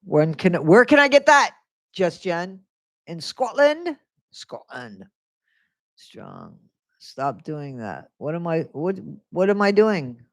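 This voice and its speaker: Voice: medium pitch, big pitch swings, measured pace, fairly bright tone, dry recording. A live-stream host chatting casually on a new microphone at home, rambling between topics and reading viewer comments aloud. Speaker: livestream host.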